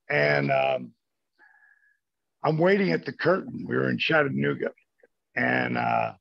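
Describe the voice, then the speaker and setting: A gravelly, husky older man spins profane, animated stories as an interview guest and acts out everyone he quotes. His voice is dry and a bit dull. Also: fairly high pitch, no room sound. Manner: profane, animated storyteller acting out quoted friends. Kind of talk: casual storytelling.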